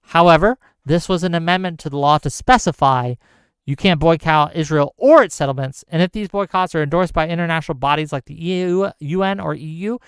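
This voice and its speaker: A man's voice: on the high side, a bit bright, clean tone, dry recording, clean studio sound. A man hosting a solo livestream, ranting heatedly about news and reading viewer chat aloud. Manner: reads chat comments aloud. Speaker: host.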